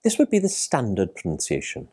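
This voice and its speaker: A man's voice: mid-range voice, wildly swooping pitch, brisk, darkish tone, breathy edge. A man teaching a language lesson in careful, scripted narration, spelling out each sound.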